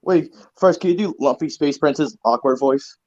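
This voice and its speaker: A man co-hosting a casual online fan discussion, animated and eager to add trivia. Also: on the high side, moderate pace, highs cut off. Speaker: co-host.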